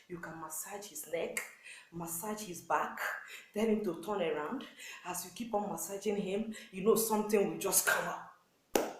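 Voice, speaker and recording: Woman, Nigerian accent, sermon-style exhortation, mid pitch, roomy echo. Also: moderate pace, a little hiss or hum. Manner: earnest, repetitive exhortation with acted quotes. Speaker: pastor's wife. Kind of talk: sermon-style marriage advice.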